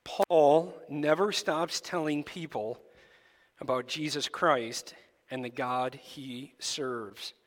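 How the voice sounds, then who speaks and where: A male pastor giving a sermon to his church, asking the congregation lively rhetorical questions. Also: a little high, slow, in a large hall. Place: church sanctuary.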